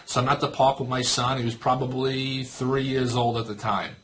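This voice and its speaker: A man in his thirties teaches a sales training session with plenty of energy. He tells a story and acts out both sides of the conversation. His voice sits at an ordinary pitch for a man. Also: little pitch movement, normal speed, fairly bright tone. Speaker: network marketing trainer.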